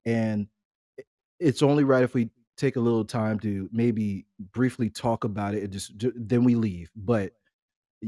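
A man's voice: mid-range voice, warm tone, no echo. Laid-back man with a dry close sound. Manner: laid-back, rambling, laughs often. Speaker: podcast co-host. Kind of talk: casual family podcast chat.

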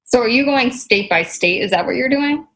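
A woman's voice: a little high, expressive, moderate pace, fairly bright tone, poor audio. A woman interviewer asking casual, friendly follow-up questions with curiosity.

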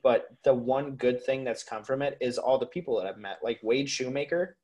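Animated young man telling hunting stories. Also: mid-range voice, moderate pace. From Minnesota. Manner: animated storyteller, swears freely, lots of "like" and "dude". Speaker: podcast guest, waterfowl hunter. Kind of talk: casual podcast interview.

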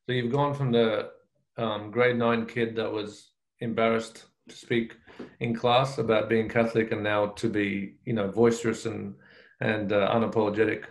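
A man's voice: on the low side, level tone, normal speed, rough recording. A man hosting an interview, asking long, rambling questions with restarts. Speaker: podcast host.

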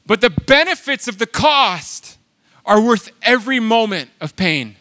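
Pastor guy preaching, kinda high-pitched, bright tone, gets loud then drops low. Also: measured pace. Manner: animated and emphatic, swings between loud exhortation and quiet asides. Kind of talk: sermon.

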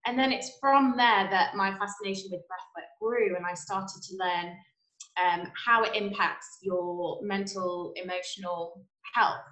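A woman's voice: medium pitch, steady tone, measured pace, fairly bright tone, reverberant, rough recording. A woman chiropractor answering interview questions, earnest and explanatory. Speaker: chiropractor guest.

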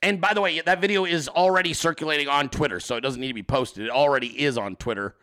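A male host giving profane comedic political commentary, animated and often laughing. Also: a little high, fast talker.

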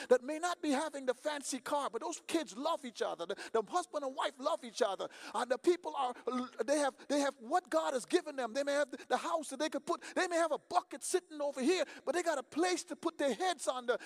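A man preaching a sermon in a conversational way, swinging from quiet storytelling to loud emphasis. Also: very high-pitched. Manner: conversational, swings from quiet to shouting, acts out dialogues. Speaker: pastor.

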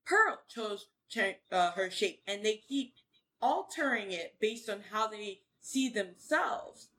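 Bright-voiced woman chatting earnestly. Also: mid-range voice, animated, takes it slowly, rough recording. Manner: earnest, emphatic storyteller. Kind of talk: casual chat.

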